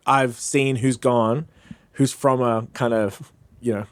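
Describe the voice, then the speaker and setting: A man's voice: mid-range voice, slow, no room sound. Guy mc telling stories on a podcast, laughs a lot, does little voices for people, dry close sound. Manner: lively, laughs often, acts out quoted voices. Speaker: podcast guest, freestyle MC. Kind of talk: casual storytelling chat.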